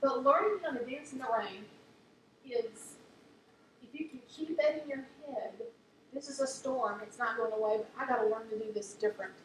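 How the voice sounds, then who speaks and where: A woman giving an earnest, faith-based talk to a group, telling stories warmly. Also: fairly high pitch, normal speed. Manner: warm storytelling, earnest, laughs at funny stories. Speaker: speaker at a talk on chronic illness. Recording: echoey room, mic at a distance, faint background noise.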